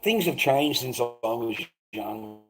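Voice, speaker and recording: A man's voice: mid-range voice, animated, slow. Aussie guy livestreaming, swears a lot, aggressive and repetitive, middle-aged. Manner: aggressive, swearing, repeats himself. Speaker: live streamer. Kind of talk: confrontational live stream rant.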